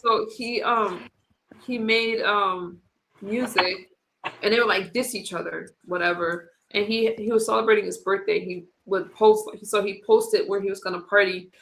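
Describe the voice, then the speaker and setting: A woman's voice: medium pitch, fairly even intonation, normal speed, fairly bright tone, slight background noise. A woman hosting a live stream, telling a story in a tired, rambling way. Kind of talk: casual chat.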